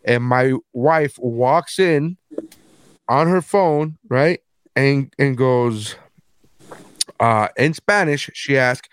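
A man's voice: mid-range voice, drawn-out words, long pauses, clean tone, dry recording. A married man co-hosting a podcast, telling crude stories with frequent laughter. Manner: crude storytelling, laughs often. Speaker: podcast co-host. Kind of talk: casual comedic chat.

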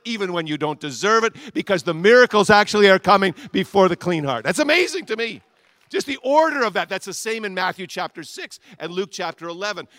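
Male pastor, sermon delivery, emphatic and repetitive, call-and-response with the room, slightly high voice, dry close sound. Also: pushed and bright, dry recording.

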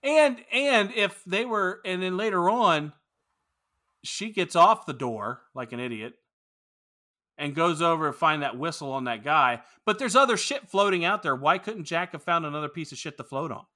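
A man co-hosts a casual film podcast, rambling through his opinions with plenty of swearing. His voice is bright and a touch high, swinging lively up and down as he argues his points. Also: moderate pace. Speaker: podcast co-host. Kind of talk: casual film-review chat.

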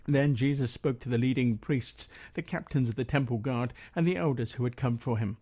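A man's voice: mid-range voice, fairly quick, warm tone, husky. A man leading a prayer meeting, reading Bible passages steadily and adding his own comments with hesitant fillers.

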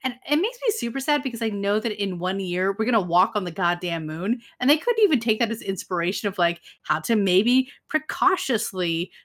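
Young woman, mid-pitched, animated, casual swearing, podcast recap. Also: fairly quick, few pauses. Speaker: podcast co-host. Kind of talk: casual chat recapping a TV episode.

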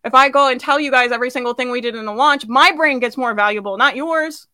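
A woman's voice: sits high, fast talker, pushed and bright, dry recording. A woman business coach giving a live sales training, blunt and swearing casually, asking her audience questions and laughing often.

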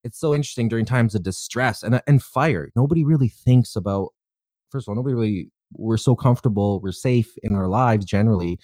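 Low, mellow-voiced male host. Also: a little fast, dry recording, studio quality. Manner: rambling, many "you know" fillers. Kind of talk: casual interview chat.

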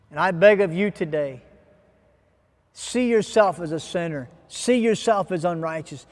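A man with a high voice delivers an impassioned sermon at an unhurried pace. His words swell to loud, urgent peaks and then sink into quiet, trailing endings. A long hall reverb rings behind everything he says. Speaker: preacher.

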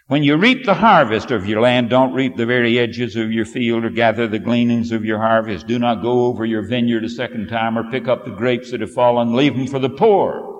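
A man preaching a sermon and reading scripture, with emphatic, forceful declarations. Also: medium pitch, a little fast, dull audio. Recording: reverberant hall.

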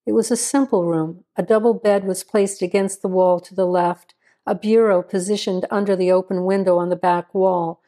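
A woman reading a crime story aloud in steady, even scripted narration. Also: mid-range voice, moderate pace.

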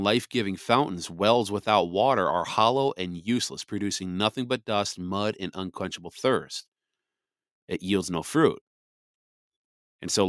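A man's voice: fairly low pitch, a bit bright, no room sound, studio quality. A man hosting a podcast, giving casual Bible commentary in a conversational, emphatic way, often saying "you know". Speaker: podcast host.

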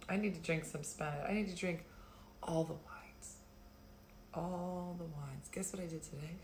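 Chatty woman with a lowish voice. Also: fairly bright tone. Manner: rambling, chatty, laughs often. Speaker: livestream host. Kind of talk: casual live-stream chat.

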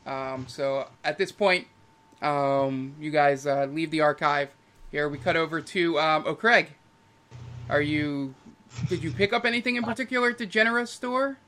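Man, game master, casual, rambling, bright, slightly high. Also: moderate pace. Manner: casual, rambling with many fillers. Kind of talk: narrating a tabletop game.

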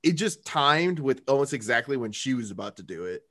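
A man on a podcast with a lively, swooping delivery, riffing on a TV episode. He jumps into quick impressions of the characters and keeps the tone jokey. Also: mid-range voice. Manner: animated, jokey, acts out lines from the show. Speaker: podcast co-host. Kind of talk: casual chat recapping a TV episode.

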